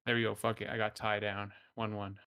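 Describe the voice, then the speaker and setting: A man with a fairly low, smooth voice on a dry online call. He hesitates and second-guesses himself as he speaks, in casual chat. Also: little pitch movement, a little fast, sharp tone, no echo. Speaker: co-host.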